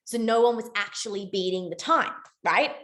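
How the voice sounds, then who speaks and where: A young woman giving a casual motivational talk to her sales team, chatty and rambling, with lots of "like" and quick self-corrections. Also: medium pitch, expressive, fairly bright tone. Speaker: network marketing team leader.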